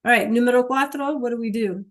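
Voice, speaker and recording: A woman's voice: on the high side, quick pace. A woman teaching a Spanish class online over a computer mic, patient, checking in often with "okay?" and "right?".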